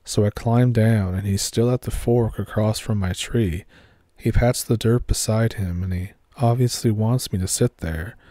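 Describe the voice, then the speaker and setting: A man telling a scary woods story in a steady, measured way. His voice is low and mellow, and the recording is dry and close-miked with no room sound. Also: dry recording. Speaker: narrator. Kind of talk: horror story narration.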